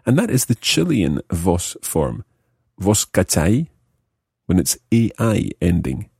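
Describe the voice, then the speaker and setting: Male podcast language teacher, low husky voice, dry close mic, patient explainer. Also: huge pitch swings, mellow, no room sound. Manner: explains slowly, repeats example phrases.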